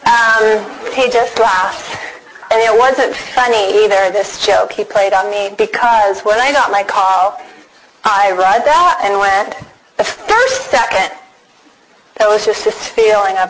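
A middle-aged woman giving a personal testimony talk, animated and dramatic, acting out her own past reactions as she tells the story. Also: mid-range voice, unhurried, slight background noise, rough recording. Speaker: speaker sharing a personal faith story.

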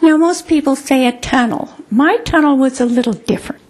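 A woman telling her own life story to listeners, expressive and repeating words for emphasis. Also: high voice, fairly quick. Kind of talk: personal storytelling talk.

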